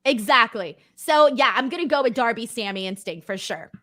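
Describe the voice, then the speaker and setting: A woman's voice: on the high side, expressive, moderate pace, pushed and bright, no room sound, clean studio sound. A woman hosting a casual live stream, chatty and upbeat, laughing easily. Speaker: host.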